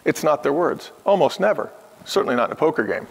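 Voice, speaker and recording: A man's voice: fairly high pitch, big pitch swings, fast, creaky, breathy edge. A man in his fifties, a guest on a podcast, telling stories earnestly and with emphasis in a conversational interview. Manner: earnest, emphatic storytelling that acts out the people he quotes. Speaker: podcast guest, former restaurant chief executive. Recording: long hall reverb.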